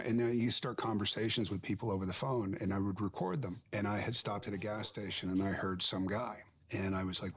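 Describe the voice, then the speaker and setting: Male actor, low and husky, in a thoughtful interview, telling wry anecdotes. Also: steady tone, a little fast, few pauses, fairly bright tone. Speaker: film actor being interviewed. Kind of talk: reflective interview storytelling.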